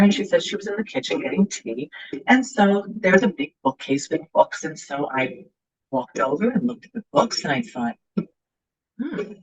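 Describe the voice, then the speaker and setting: Middle-aged woman guest, husky, animated storyteller, muffled lo-fi recording. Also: fairly low pitch. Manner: animated, acts out quoted voices. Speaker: guest author. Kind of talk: personal storytelling. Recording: muffled, lo-fi sound.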